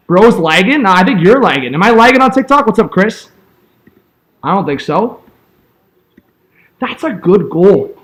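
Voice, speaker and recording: A young man calling a hockey game as an excitable fan streamer, yelling at big plays and chatting with viewers. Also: high voice, unhurried, pauses often. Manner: yells and laughs at big plays, chats with viewers. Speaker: fan streamer doing live play-by-play. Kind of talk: excitable fan play-by-play commentary.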